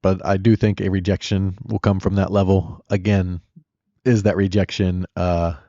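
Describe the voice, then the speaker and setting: Low-voiced man hosting a trading stream. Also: flat delivery, normal speed, mellow, no room sound, muffled recording. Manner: chatty, rambling, answers chat questions; blunt and opinionated. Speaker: live-stream trading host. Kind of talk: casual live-stream commentary.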